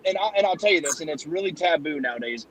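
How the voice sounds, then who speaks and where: A man's voice: on the high side, animated, quick pace, slight background noise, poor audio. A man hosting a casual podcast chat who tells jokes in a loose, profane storytelling manner. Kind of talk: casual chat and joke telling.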